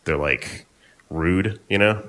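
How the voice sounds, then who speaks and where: Young man, stand-up comic, live stage set, lowish voice with a bright edge, shambling offhand delivery. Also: slow pace, a little hiss or hum. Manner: laid-back, rambling, offhand. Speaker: stand-up comedian. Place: live comedy venue on stage.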